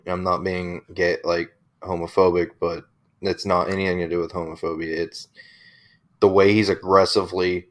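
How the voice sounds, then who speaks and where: A man's voice: sits low, little pitch movement, moderate pace. Profane young man ranting in reaction. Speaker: reaction video host. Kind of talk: casual reaction commentary.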